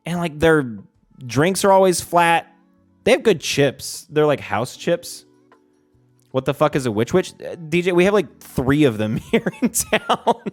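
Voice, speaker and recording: A man's voice: on the high side, sing-song, a little slow, faint music behind. A man streaming casually, rambling and swearing, with a lot of "like" and restarts. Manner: rambling and profane, heavy use of "like". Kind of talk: casual livestream chat.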